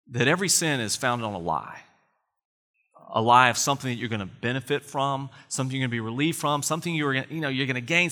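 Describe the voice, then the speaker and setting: A man's voice: fairly high pitch, pushed and bright, big-room sound. A man preaching a sermon as a pastor, earnest and conversational, asking his listeners rhetorical questions.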